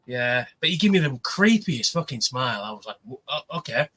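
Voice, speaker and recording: A man's voice: a little high, bright, forceful tone, low-quality recording. A man telling rambling stories in a casual livestream chat, full of fillers. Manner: rambling, chatty storyteller with many fillers. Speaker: livestream co-host. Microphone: livestream mic.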